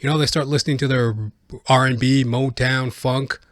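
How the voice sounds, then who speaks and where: Rambling, profane comic podcast host. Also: male voice, mid-range voice, steady tone, moderate pace, no echo, studio quality. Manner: rambling, profane, lots of filler words. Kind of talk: comedic reaction rant.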